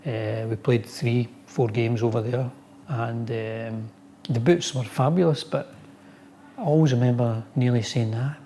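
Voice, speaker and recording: A former footballer telling dressing-room anecdotes in an interview. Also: male voice, medium pitch, steady tone, a little slow, warm tone, a little hiss or hum. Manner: storytelling, acts out quotes.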